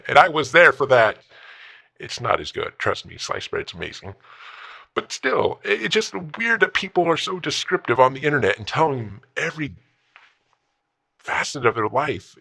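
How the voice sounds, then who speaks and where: Comedy bit: a man as a cranky ancient old-timer, rambling gripes in a bright, sharp voice. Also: medium pitch, vocal fry, exaggerated voice. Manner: rambling, grumbling, nostalgic complaints. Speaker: comedy character host. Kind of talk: comedic rant monologue.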